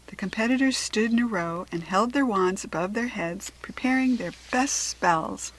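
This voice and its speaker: An American woman reading a children's storybook aloud in a gentle, expressive way. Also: mid-range voice, normal speed, few pauses, poor audio. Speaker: children's book reader.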